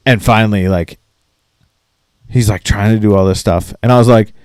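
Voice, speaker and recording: A man's voice: on the low side, brisk, pauses often, a little mellow, clear, resonant tone, dry recording, clean studio sound. A man in his late thirties from Maine, co-hosting a podcast, telling a profane story and acting out both sides of it. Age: late 30s. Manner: ranting, swears constantly, acts out both sides of a story. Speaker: podcast co-host.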